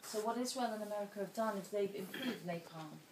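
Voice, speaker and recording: A woman's voice: mid-range voice, a little fast, a little mellow, a little hiss or hum. A woman giving an earnest, emotional personal talk as an invited speaker at a dinner. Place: indoor dinner hall. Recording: roomy sound from a distant mic with faint ambience.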